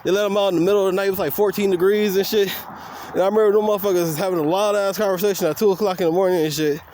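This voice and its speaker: High-voiced man telling a profane story. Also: steady tone, racing, a little mellow, slight background noise. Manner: profane and blunt, laughs often; acts out quoted dialogue. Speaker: vlogger. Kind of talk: casual storytelling monologue.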